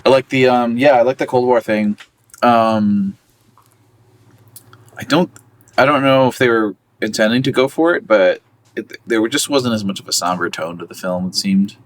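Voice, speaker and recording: A man's voice: medium pitch, moderate pace. A man co-hosting a podcast in a casual movie chat, rambling and hesitant, with lots of "um" and "like". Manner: rambling, hesitant, full of fillers. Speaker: podcast co-host. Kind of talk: casual film discussion.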